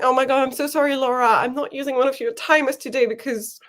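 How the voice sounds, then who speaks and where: A woman's voice: sits high, a bit bright. Chatty laughing woman streamer. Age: young adult. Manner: chatty, laughs often, quick asides. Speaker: co-host of a writing sprint stream. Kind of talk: casual livestream chat reading comments.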